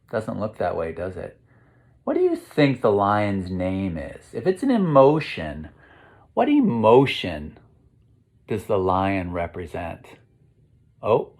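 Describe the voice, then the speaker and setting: Slow-paced man reading a children's book aloud, gentle and questioning, leading kids through breaths. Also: lowish voice. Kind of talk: interactive read-aloud for kids.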